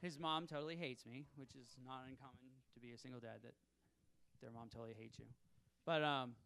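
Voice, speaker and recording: Young guy, stand-up comic; self-deprecating, nervous delivery, gravelly voice, smooth, ringing tone. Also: mid-range voice, steady tone, fairly quick, a bit bright. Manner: self-deprecating, nervous, chuckling at his own jokes. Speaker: stand-up comedian. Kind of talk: stand-up set. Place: comedy club stage.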